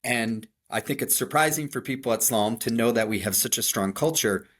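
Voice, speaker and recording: A middle-aged podcast co-host from Chicago, with a Chicago accent, talks at a medium pitch and a little fast. He tells conversational stories in an animated, self-deprecating way, frequently starting over.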